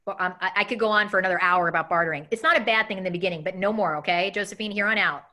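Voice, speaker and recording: A woman in her thirties leading a live coaching webinar, talking quickly and acting out example messages in an animated way. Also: mid-range voice. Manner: fast, animated, acts out example emails. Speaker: coaching instructor.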